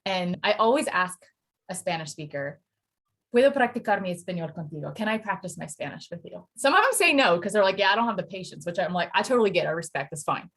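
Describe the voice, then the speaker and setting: A woman from Pennsylvania, a Spanish teacher, chatting as a podcast guest and telling lively stories with quoted voices. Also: fairly low pitch, fast, slightly rough. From Pennsylvania, USA. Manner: animated storytelling with acted quotes and laughter. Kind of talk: casual interview chat.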